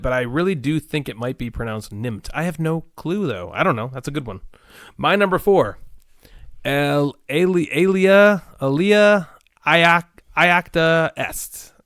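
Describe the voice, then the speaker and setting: In studio-quality audio with no echo, a man co-hosts a casual podcast, his voice mid-range. He chats playfully and laughs at himself when he's unsure of his words.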